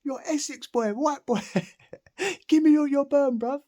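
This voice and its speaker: A man's voice: very high voice, measured pace, dark tone, voice pushed up. A man voicing a cocky teenage boy prisoner who taunts and mocks in slang. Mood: mocking.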